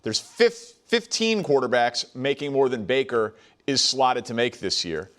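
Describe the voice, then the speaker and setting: A man hosting a sports talk show, who sets up topics and backs his points with statistics in a brisk, analytical way. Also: medium pitch, animated, a bit bright. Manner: brisk, stat-heavy and analytical.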